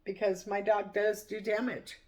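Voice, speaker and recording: A woman's voice: mid-range voice, little pitch movement, normal speed, darkish tone. A woman vlogger chatting casually to camera over morning coffee, rambling and laughing often. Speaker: cooking vlogger.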